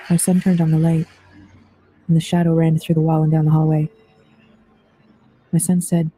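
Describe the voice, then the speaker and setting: A man narrating true ghost stories in a steady, level reading voice. His tone is very dark and mellow, and it stays flat with little rise or fall. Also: fairly high pitch, fairly quick, pauses often. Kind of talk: scripted true-story narration.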